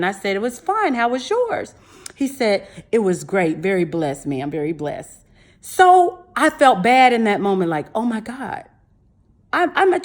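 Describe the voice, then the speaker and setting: A woman giving a casual opinion monologue as a vlogger, emphatic, repeating her points and swearing casually. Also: high-pitched.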